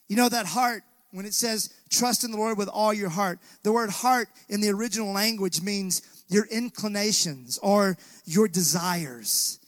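Captured in a dry recording, a pastor preaches in a church sanctuary with a high-pitched, slightly bright voice, engaging the congregation in call-and-response by asking them to answer back.

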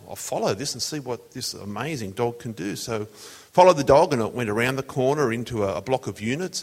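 A man preaching a sermon in a conversational, storytelling way. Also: mid-range voice. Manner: conversational, tells jokes as illustrations. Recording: long hall reverb.

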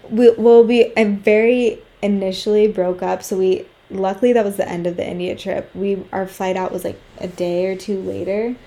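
Podcast co-host, woman, young adult. Frank, profane storyteller, mellow tone, echoey room. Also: mid-range voice, steady tone, moderate pace, hardly any pauses. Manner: candid storytelling, swears freely, acts out quotes. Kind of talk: casual chat.

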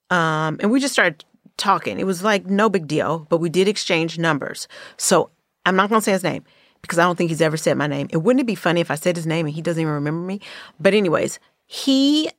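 A woman's voice: lowish voice, no room sound, clean studio sound. A middle-aged woman from the Bay Area hosting a podcast, telling personal stories in casual, candid, profane chat. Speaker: podcast host.

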